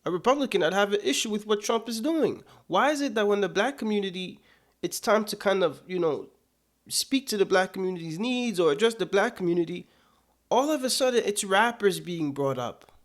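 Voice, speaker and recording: Male commentator, higher pitch, casual and indignant, rhetorical questions. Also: animated, a little fast. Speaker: political commentator.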